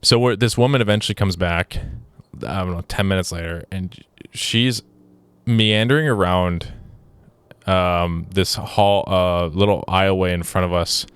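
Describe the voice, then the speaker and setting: Man, young adult, low voice, smooth and clear, dry close sound, casual rambling story, exasperated. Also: measured pace, fairly bright tone, dry recording. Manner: exasperated, rambling with many restarts and "like". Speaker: podcast host.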